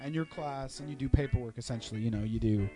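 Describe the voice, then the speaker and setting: A man's voice: mid-range voice, quick pace, mellow, soft background music. A young man hosting a casual chat among friends, profane and teasing, telling a story and putting on voices. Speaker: podcast host.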